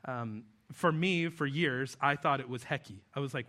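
A man's voice: medium pitch, brisk, bright, forceful tone. A man in his forties, originally from New Mexico, preaching a casual, conversational sermon with jokes, often acting out the voices he quotes. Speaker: pastor.

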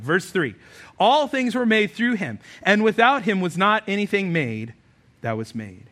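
A man with a high, bright voice preaches in a conversational, emphatic style. He drops into quick imagined voices of doubters and then returns to his point. This is a pastor addressing his congregation. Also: lively intonation. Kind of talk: sermon. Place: church hall, also streamed online.

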